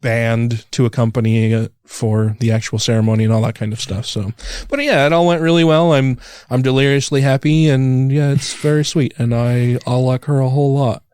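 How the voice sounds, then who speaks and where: Guy in his 30s on a podcast, smooth resonant voice, rambly and self-deprecating, lots of "you know", pitch jumps when he gets worked up. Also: steady tone, moderate pace, hardly any pauses, darkish tone, dry recording, studio quality. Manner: jumps high when acting out his own panic. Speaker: podcast co-host. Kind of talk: casual chat.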